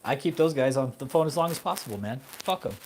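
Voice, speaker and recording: A man's voice: mid-range voice, animated, fast, a little mellow, a little hiss or hum. A man hosting his own channel, ranting casually, swearing often and laughing a lot between rambling remarks. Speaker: channel host. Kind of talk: casual vlog rant.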